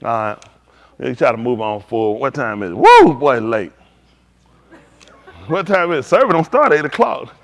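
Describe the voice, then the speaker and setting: A man preaching in a casual, conversational style, swinging from quiet to loud and acting out conversations. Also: medium pitch, moderate pace, gravelly, long pauses. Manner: animated, shifting between quiet and loud, acts out dialogue. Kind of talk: livestreamed sermon.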